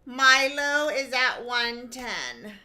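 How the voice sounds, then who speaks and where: A woman's voice: on the high side, lively intonation, drawn-out words, bright, forceful tone. A woman co-hosting a live-stream coin auction, calling out bidder names and amounts in short calls. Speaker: auction co-host calling bids.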